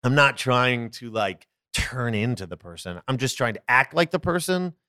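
A man with a Philadelphia accent, chatting as a podcast guest about his acting work, animated and quick to restart his sentences. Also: medium pitch, clear, resonant tone, no echo, studio quality. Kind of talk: casual interview chat.

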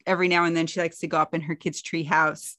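A woman's voice: little pitch movement, fast, sharp tone, no echo. Chatty woman recapping, dry close mic. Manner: chatty retelling, acting out quotes in a higher voice. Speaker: podcast co-host. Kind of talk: casual recap chat.

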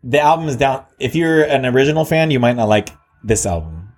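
A man in casual chat about his old band, rambling and halting, full of fillers and restarts. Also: mid-range voice, expressive. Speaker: musician guest.

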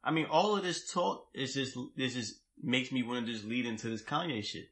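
A man's voice: medium pitch, moderate pace, fairly bright tone. A man reacting bluntly in casual, slang-heavy chat with friends.

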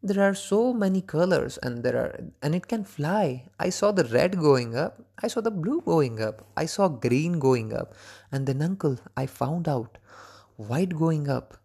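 A man voicing a curious, excited little boy in a spoken story, with eager, breathless questions. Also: fairly high pitch, unhurried, gravelly, slightly rough, heavily acted.

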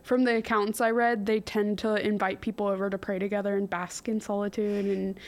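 A woman's voice: medium pitch, level tone, brisk. A young woman co-hosting a casual history podcast, reading from her notes with jokey asides and giggles. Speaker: podcast co-host.

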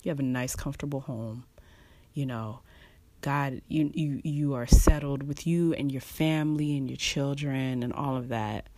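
A preacher giving casual devotional teaching, pausing often, repeating words and chuckling between thoughts. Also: mid-range voice, steady tone, darkish tone, no room sound. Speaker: online preacher.

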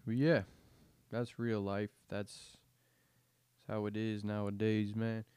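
A man's voice: fairly low pitch, level tone, takes it slowly, darkish tone, clean tone, dry recording. A man in his twenties hosts a podcast, rambling through a casual rant full of slang and swearing. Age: 20s. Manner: profane, slangy, meandering rant. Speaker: podcast host.

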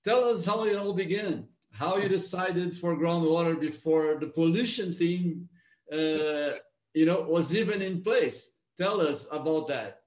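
A man's voice: on the high side, unhurried, roomy sound. A male interviewer opens the conversation in a friendly, joking way, and he laughs along with his guest. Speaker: interviewer, host. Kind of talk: interview introduction.

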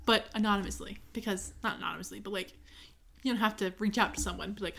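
A woman's voice: mid-range voice, steady tone, fast, creaky, fairly bright tone. A young woman co-hosting a podcast in casual chat, bubbly and talkative, laughing often. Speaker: podcast co-host.

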